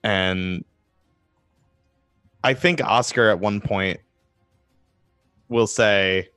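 A man's voice: on the low side, very slow, pauses often, fairly bright tone, clear, resonant tone, no room sound, clean studio sound, faint music behind. A man acting as dungeon master in a tabletop game, thinking aloud with a lot of hesitation.

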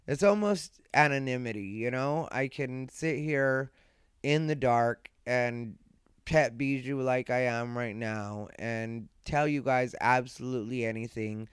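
A drowsy man hosting a solo podcast late at night, thinking aloud in an easygoing, rambling way. His voice is very clean and smooth, with a slight lisp. The sound is close and dry, with no room echo. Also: mid-range voice, a little slow. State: sleepy, yawning late at night. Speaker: podcast host and comedian. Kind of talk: casual solo podcast monologue. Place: dark room at home, lying beside his dog.

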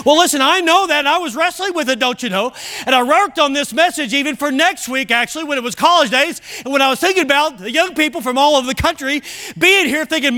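A pastor in full sermon mode, his voice sitting notably high for a man. He drives his points home with emphatic rhetorical questions to the congregation in a church sanctuary. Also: quick pace, bright, forceful tone.

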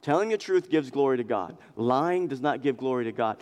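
A man's voice: medium pitch, normal speed, few pauses. Impassioned male preacher in a reverberant hall. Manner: impassioned, emphatic, repeats phrases for emphasis. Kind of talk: expository sermon. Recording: long reverb of a large hall.

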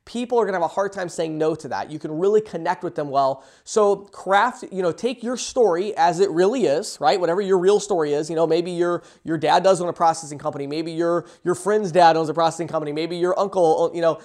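A man with a high voice teaches sales in a rapid, eager delivery. He acts out sample pitches as he goes, then drops back into coaching. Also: darkish tone. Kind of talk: fast, energetic sales coaching talk.

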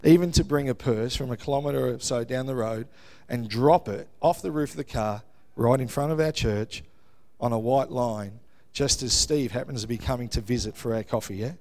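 A middle-aged Australian man preaching a sermon, telling a story with lively exclamations and frequent "yeah?" tags to his congregation. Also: medium pitch, moderate pace. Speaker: pastor.

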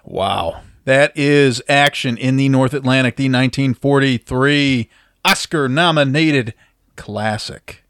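A man's voice: mid-range voice, takes it slowly, fairly bright tone, dry recording, clean studio sound. A male podcast host chatting casually and teasing his co-hosts. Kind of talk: casual chat.

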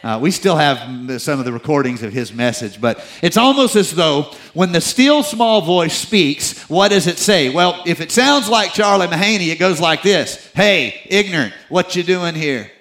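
A middle-aged male pastor preaching a sermon, moving between loud emphatic peaks and low confiding asides, with teasing, self-deprecating humor. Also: animated, moderate pace, hardly any pauses, low-quality recording.

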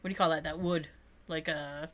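A woman chatting casually, telling an animated story and acting out the people in it, laughing often. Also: deep voice, a little fast. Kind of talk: casual chat.

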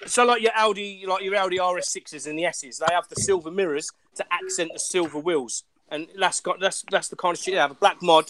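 A man's voice: sits high, a little fast, few pauses, crowd noise. A British man chatting crudely in a casual panel, rambling with many fillers. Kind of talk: casual group banter.

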